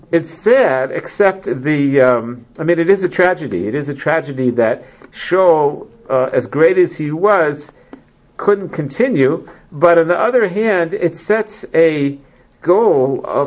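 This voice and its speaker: Halting man teaching a Bible class. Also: on the high side. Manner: halting, many restarts, reads Hebrew verses then translates. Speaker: Torah teacher. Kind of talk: Bible class, reading and explaining verses. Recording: lo-fi, muffled recording.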